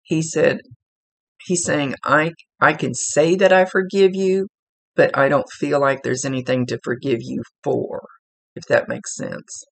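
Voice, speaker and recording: A man's voice: medium pitch, vocal fry, husky. A man working as a psychic medium, talking casually and rambling as he relays messages aloud. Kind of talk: casual spirit reading.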